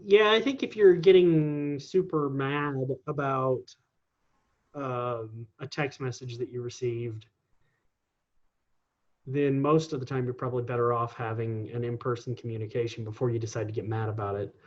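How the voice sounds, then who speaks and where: A man's voice: mid-range voice, fairly even intonation, moderate pace, a little mellow, dull audio. A man in his forties, a guest talking casually in an interview, rambling with lots of ums and restarts. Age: 40s.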